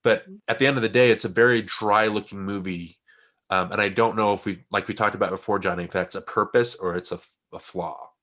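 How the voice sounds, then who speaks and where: A man's voice: lowish voice, steady tone, fairly quick, fairly bright tone. Rambling man co-hosting a film podcast. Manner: rambling, many restarts and trailing asides. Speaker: podcast co-host. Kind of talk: casual film discussion.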